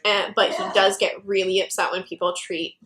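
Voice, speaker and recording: A woman's voice: medium pitch, moderate pace, background noise. Woman telling a store story, filler-heavy. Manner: animated anecdote with many "like" fillers. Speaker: game store worker. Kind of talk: casual storytelling chat.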